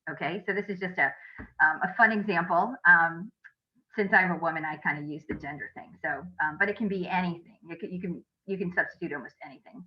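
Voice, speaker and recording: A woman coach talks through a webinar over a video call. Her audio sounds a little dull and muffled. She explains earnestly, pausing on "um" and asking her listeners rhetorical questions. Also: lowish voice. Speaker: leadership coach giving a webinar talk. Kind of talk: interactive webinar presentation.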